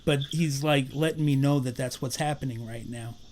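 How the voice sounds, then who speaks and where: A man working as a psychic medium, giving an earnest live-stream spirit reading and relaying messages with repetitive, animated bursts. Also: medium pitch, moderate pace, background noise.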